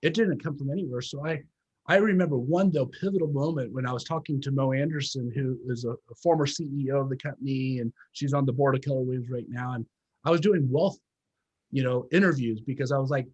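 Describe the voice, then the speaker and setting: A man in his fifties, a former pastor, earnestly telling his story as a guest in an interview, slowing down to stress key points. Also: medium pitch, a little mellow, slightly rough, dull audio. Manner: earnest, reflective storytelling, emphatic slow emphasis. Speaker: guest, former pastor turned real estate business owner. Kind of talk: interview conversation.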